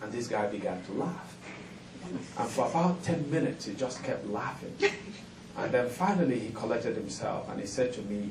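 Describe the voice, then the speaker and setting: A man's voice: medium pitch, animated, normal speed. A middle-aged man, a festival panel author telling humorous stories to a live audience, often chuckling and self-deprecating. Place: event hall with audience. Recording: roomy hall, distant mic, ambient noise.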